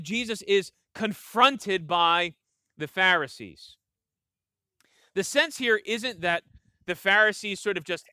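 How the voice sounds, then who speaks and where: A man's voice: high-pitched, pushed and bright, clear, resonant tone, no echo, studio quality. A man preaching a sermon, earnest and emphatic, often repeating himself and checking in with "right?". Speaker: pastor.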